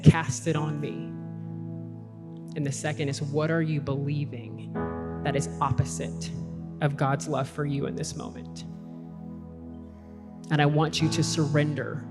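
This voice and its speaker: Earnest man preaching in a reverberant hall. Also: fairly high pitch. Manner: earnest, repetitive, building to invitations. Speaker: conference speaker. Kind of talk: sermon. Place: large hall with a worship team. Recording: long hall reverb, faint music behind.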